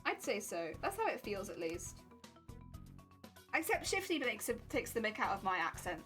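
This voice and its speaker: A woman's voice: medium pitch, very animated, normal speed, a bit bright, faint music behind. A woman with an English accent chatting casually on a live stream while sewing a costume. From England. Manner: chatty, rambling, fillers like "like" and "heck yeah".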